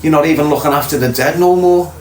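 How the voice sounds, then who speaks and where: A man's voice: on the high side, quick pace, soft background music. A middle-aged man with a Liverpool accent hosts a casual livestream, reading viewers' comments and talking bluntly, swearing freely. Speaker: livestream host. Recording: echoey room, faint ambience.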